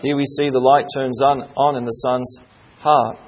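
Male preacher, husky tone, earnest sermon delivery, emphatic repetition. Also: medium pitch, level tone, measured pace, rough recording.

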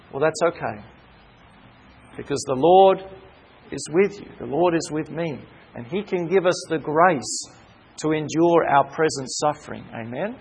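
A man's voice: a little high, gravelly, a little mellow, breathy edge, poor audio. A man preaching a sermon, asking rhetorical questions and calling out for amens, drawing out key words and often stumbling over fillers. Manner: slows and stresses key words, with hesitant fillers. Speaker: pastor.

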